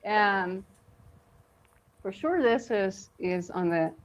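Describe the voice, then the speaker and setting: A woman co-hosting a live online English lesson, talking slowly with many fillers over a video call. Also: medium pitch, animated. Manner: slow, halting, many fillers. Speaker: co-host English teacher. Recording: dull lo-fi stream audio.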